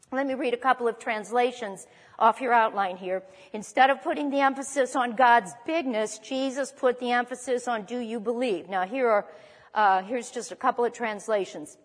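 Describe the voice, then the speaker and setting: A woman delivers a sermon in a fairly high voice, reading scripture slowly and dramatically before unpacking it for her listeners. Her words ring out with a long reverb, as if recorded in a church hall. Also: breathy edge. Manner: dramatic reading with emphatic pauses. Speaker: preacher.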